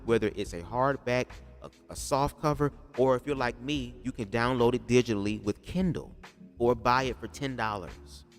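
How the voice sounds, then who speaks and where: A man's voice: mid-range voice, long reverb tail. Profane man chatting on a livestream. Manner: loose, profane, talks to the chat. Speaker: streamer reacting to a video. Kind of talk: casual livestream commentary.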